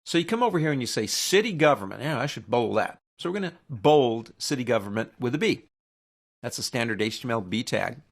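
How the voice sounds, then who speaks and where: Man, software tutorial teacher, gravelly voice, casual and chatty, joking opinionated asides. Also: medium pitch, expressive, fairly quick.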